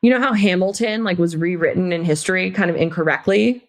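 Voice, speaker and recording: A young woman in her twenties co-hosting a casual chat podcast, rambling and giggly, with lots of upspeak and quotes acted out in high, silly voices. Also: fast talker. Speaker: podcast co-host.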